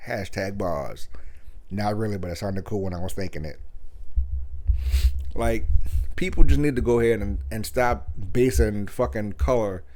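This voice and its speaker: A man's voice: fairly low pitch, moderate pace, pauses often, mellow. A man hosting his own show, giving a blunt, crude and sarcastic comedic rant. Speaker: podcast host.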